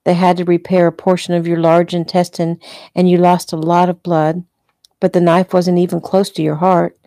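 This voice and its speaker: A woman's voice: on the low side, level tone, moderate pace, mellow, no echo, natural voice. A woman reading a worried, loving wife. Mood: caring.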